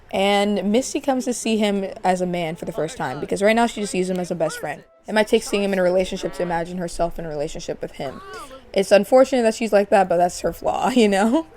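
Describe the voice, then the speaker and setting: A woman's voice: medium pitch, a little fast, darkish tone. A woman hosting a gaming channel, narrating a life-sim let's play in a chatty way, speculating about her characters with gasps and laughs.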